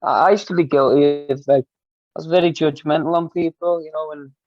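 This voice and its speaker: A man's voice: fairly high pitch, steady tone, fairly quick, darkish tone, dry recording. A Glaswegian man, a football coach guest, speaking earnestly and from the heart in a podcast interview. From Scotland. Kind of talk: casual interview chat. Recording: dull dry lo-fi sound.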